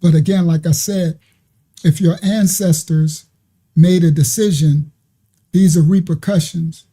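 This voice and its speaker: Male religious-channel host, mellow tone, laughing reaction commentary. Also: a little high, fairly even intonation, measured pace, slightly rough. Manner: chatty, laughs often, preacherly asides.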